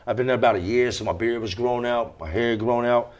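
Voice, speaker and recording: A man's voice: medium pitch, fairly quick. An American man telling his life story as an interview guest, blunt and emphatic, repeating phrases for weight. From United States.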